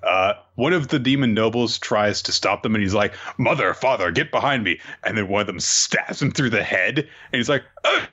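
A man's voice: on the low side, brisk, few pauses, a bit bright. A man casually recapping manga chapters on a podcast, laid-back with dry summaries and filler words. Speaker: podcast co-host. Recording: dull lo-fi sound.

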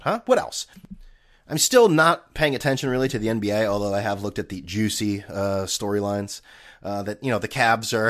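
Man ranting on a sports podcast. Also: mid-range voice. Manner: ranting, sarcastic, profane, mocking voices in quotes. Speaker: podcast host. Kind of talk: solo sports podcast rant.

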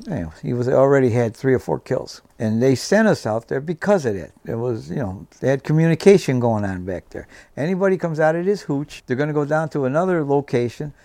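A man in his seventies, appearing as a veteran guest, speaks in a warm, mid-range voice with no room sound. He's a vivid storyteller recounting personal war memories and acting out the dialogue.

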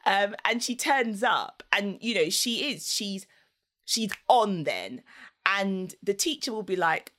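A woman's voice: medium pitch, lively intonation, slow pace, fairly bright tone. A woman, chatting casually as a podcast guest, telling a story and laughing often. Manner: chatty, laughs often, acts out voices in anecdotes.

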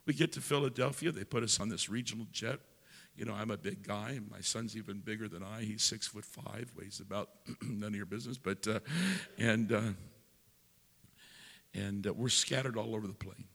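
An older man, a pastor, telling a story during a sermon in a folksy way, building into loud preaching. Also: on the low side, steady tone, normal speed, gravelly, big-room sound.

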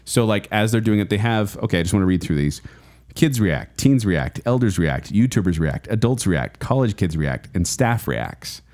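A man with a somewhat low voice co-hosts a casual podcast chat. He rambles eagerly, full of fillers and restarts. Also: sing-song, normal speed, darkish tone. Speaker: podcast co-host.

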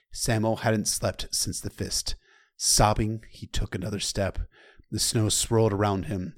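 A man with a fairly low voice retells a story in his own loose, conversational style. He slips into casual asides to the listener and the odd curse along the way. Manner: loose and conversational, with occasional profanity.

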